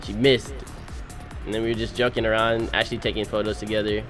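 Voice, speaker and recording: A young man, recently married, narrating his wedding photos in animated, slangy, casual storytelling. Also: on the low side, music in the background. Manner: animated, slangy storytelling with quick voice-acted quotes. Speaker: groom.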